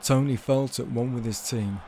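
A man telling a comic story in a measured, deadpan way. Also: medium pitch, slight background noise. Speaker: storyteller guest.

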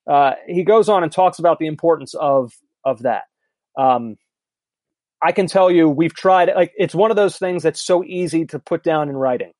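A man in his thirties chatting on a podcast, candid and self-deprecating, tending to ramble. His voice sits a little higher than most men's. The recording is dry and close. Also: normal speed, darkish tone, no echo. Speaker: podcast co-host. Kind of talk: casual chat.

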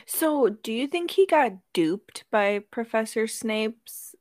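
A woman's voice: fairly high pitch, animated, takes it slowly, a little mellow, dry recording, clean studio sound. A woman in casual chat about a movie, working from her notes and laughing often.

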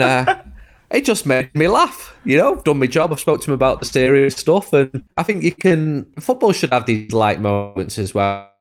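A man who works as a football reporter, telling a story on a podcast with frequent laughs. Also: mid-range voice. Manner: laughing, anecdotal.

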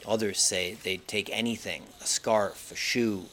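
A male foreign correspondent narrating a scripted news report from the field in a measured, somber way. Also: lowish voice, steady tone, pushed and bright, slight background noise.

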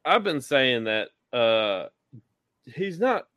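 A man's voice: mid-range voice, big pitch swings, takes it slowly, a bit bright, no echo, dull audio. A man co-hosting a casual podcast chat, talking in a sarcastic, mocking way. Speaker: podcast co-host.

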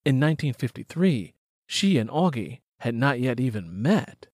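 A man narrates an audiobook from a script, telling the story in a measured, even way. His mid-range voice comes through at studio quality with no room sound.

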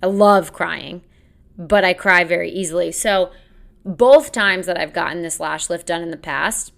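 A woman's voice: on the low side, normal speed, vocal fry, a bit bright. A young woman hosting a casual solo podcast, chatting in a rambling, self-deprecating way and laughing often. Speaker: podcast host.

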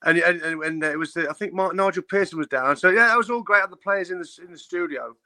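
A high-pitched man with a bright, forceful voice. He talks casually as a guest, rambling through stories with frequent laughs. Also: fast. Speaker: guest singer. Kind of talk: casual chat.

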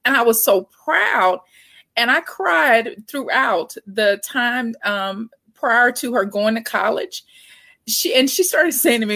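A woman's voice: a little high, expressive, takes it slowly, vocal fry, sharp tone, no room sound. A woman in her forties, a guest author and parent, talking candidly in a casual interview. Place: Texas.

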